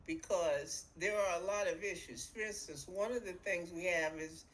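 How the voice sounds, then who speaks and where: A woman co-hosting a podcast as an astrologer, explaining in a lively, image-rich way over a video call. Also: lowish voice, normal speed, low-quality recording. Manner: animated storyteller, uses vivid imagery. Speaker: astrologer co-host. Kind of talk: explanatory casual chat.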